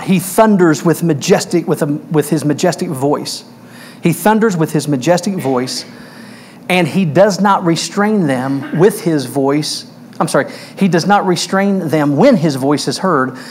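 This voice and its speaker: A man preaching a sermon at a slow, deliberate pace, his voice sitting fairly high for a man. He stresses key words and poses questions to his listeners. A faint hiss of room noise lies behind him. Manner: emphatic, asks the congregation questions. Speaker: pastor. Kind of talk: verse-by-verse sermon. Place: church.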